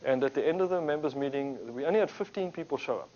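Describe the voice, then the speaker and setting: Lively man telling business stories. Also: medium pitch, fast talker. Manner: animated storyteller, acts out quotes. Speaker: speaker at a business talk. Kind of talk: anecdotal business talk. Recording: dull lo-fi recording.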